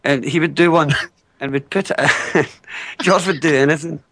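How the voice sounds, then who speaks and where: Scottish male co-host, slightly high voice, rambling storyteller, dry close sound. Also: moderate pace, a bit bright, no echo. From Scotland. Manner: rambling anecdotal storyteller with restarts. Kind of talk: casual chat.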